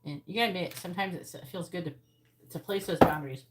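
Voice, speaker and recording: A tarot reader talks fast in a lowish voice during a live reading, blunt, swearing, and clearly angry as she covers the cards. Her earbud mic picks up loud background noise.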